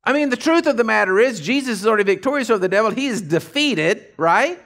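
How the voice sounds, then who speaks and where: A man preaching a folksy, animated sermon as pastor of a church. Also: high-pitched, quick pace. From Texas.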